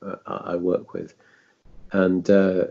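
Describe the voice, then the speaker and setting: A man's voice: low-pitched, completely flat delivery, slow pace, gravelly, highs cut off. A man with a southern English accent hosting a casual podcast chat, telling a story in a rambling, hesitant way and swearing freely. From south of England. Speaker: podcast host.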